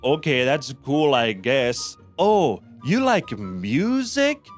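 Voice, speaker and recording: A smug, sneering man with a put-on Mexican accent talks down to whoever he is addressing, as a man puts him on. His pitch swings widely as he mocks, and faint music plays underneath. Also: very animated, slow. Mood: mocking. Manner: sneering, talking down. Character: condescending man mocking others' hobbies.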